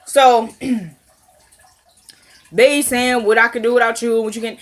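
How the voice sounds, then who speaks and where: Young woman, casual vlog recap, slightly high voice, chatty, laughs a lot. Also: fairly even intonation, takes it slowly. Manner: chatty, laughing, talks to viewers directly. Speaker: TV recap vlogger.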